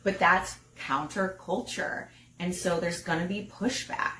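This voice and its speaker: A woman's voice: fairly low pitch, measured pace, pushed and bright. A woman co-hosting a podcast in casual chat, talking frankly, laughing and reading comments aloud. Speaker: podcast co-host. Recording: roomy room, voice off-mic, faint noise.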